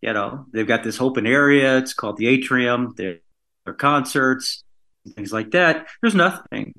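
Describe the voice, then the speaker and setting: A man talks as a podcast guest, spinning a long anecdote in an easygoing, rambling flow. He leans on fillers and restarts as he goes. His voice sits at an ordinary mid pitch. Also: lively intonation, a little slow, gravelly, sharp tone. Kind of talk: casual storytelling in an interview.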